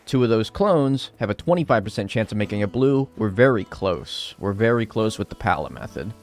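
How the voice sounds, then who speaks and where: A man's voice: on the low side, big pitch swings, a little fast. An American man chatting casually on a live stream while playing a game, joking around and swearing freely.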